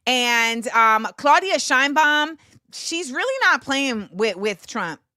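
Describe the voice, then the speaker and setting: A woman's voice: high-pitched, very animated, slow, pushed and bright, no room sound, studio quality. A woman in her forties hosting a show, giving casual solo commentary in a conversational, emphatic way with frequent fillers. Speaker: host.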